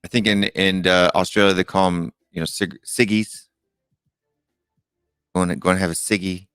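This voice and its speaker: A man's voice: sits low, fairly even intonation, normal speed, a bit bright, clean tone, dry recording, studio quality, soft background music. A middle-aged man hosting a live call-in show, chatting casually and rambling with many fillers and restarts. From United States. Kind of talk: casual live-stream chat.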